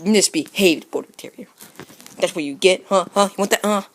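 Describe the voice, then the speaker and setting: A woman's voice: medium pitch, moderate pace, slight background noise. A woman talking casually to her pet dog in a home video, teasing and scolding it over and over, with playful growls. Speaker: dog owner.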